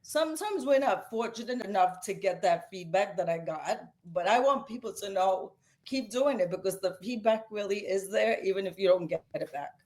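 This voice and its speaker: A middle-aged woman with a New York accent tells her stories with lively feeling, and her voice climbs as she gets carried away. She speaks at a middle pitch in an unhurried, conversational way. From Brooklyn, New York. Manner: animated, emotional storyteller, voice rising as she tells it. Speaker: guest author. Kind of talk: casual storytelling interview.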